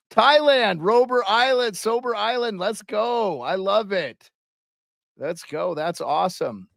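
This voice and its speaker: A man's voice: high voice, expressive, slow pace, gravelly, fairly bright tone, no room sound, studio quality. A man hosting a casual live hockey stream, chatting loosely and calling out viewers and their locations. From Canada.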